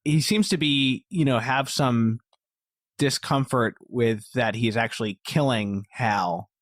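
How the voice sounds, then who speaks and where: A man's voice: mid-range voice, slow pace, no echo. A man with a medium voice hosts a casual podcast chat about film. He muses hesitantly, with plenty of fillers. The sound is close and dry. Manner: thoughtful, hesitant, many fillers. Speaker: podcast host.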